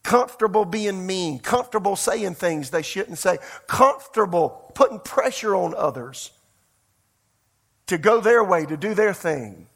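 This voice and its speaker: A man's voice: sits high, expressive, unhurried, vocal fry, fairly bright tone. A man preaching a sermon, telling a story in a fervent, conversational way and speaking straight to the congregation. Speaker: pastor.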